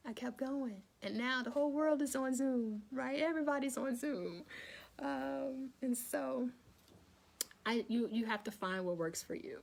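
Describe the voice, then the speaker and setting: A woman with a medium-pitched, darkish voice and vocal fry leads a casual wellness live session. Speaking directly to viewers she calls y'all, she checks they're keeping up and goes over her points again to encourage them.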